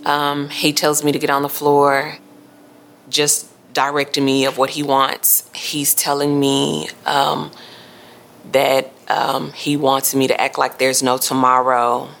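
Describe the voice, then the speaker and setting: Low, gravelly-voiced woman recounting softly. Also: completely flat delivery, takes it slowly, slight background noise. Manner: soft, hesitant, many quiet mm-hmms. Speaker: crime survivor interviewee. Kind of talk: emotional first-person recounting.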